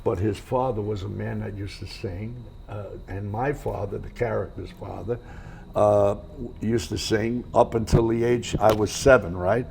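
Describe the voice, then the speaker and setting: Older male actor guest, low gravelly voice, rambling anecdotes with quoted voices, faint hiss. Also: steady tone, moderate pace, darkish tone. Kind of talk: casual interview storytelling. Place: hotel room.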